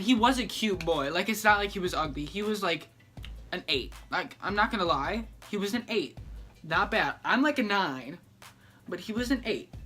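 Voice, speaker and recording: A man's voice: high voice, bright, forceful tone. A young man telling a story in a casual vlog, sassy and dramatic, acting out each person he quotes.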